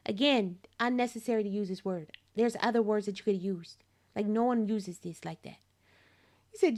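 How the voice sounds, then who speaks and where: A woman hosting a gaming channel, reading game dialogue aloud and reacting to it in animated, laughing commentary. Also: a little high, moderate pace. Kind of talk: let's-play commentary.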